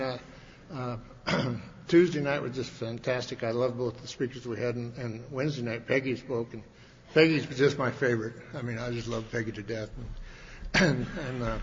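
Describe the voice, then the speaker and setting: A man's voice: medium pitch, a little hiss or hum. Folksy man speaking in a big hall. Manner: folksy, joking, many restarts and fillers. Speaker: recovery meeting speaker. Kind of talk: speech to a large audience. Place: large meeting hall with audience. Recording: dull hall recording with long reverb.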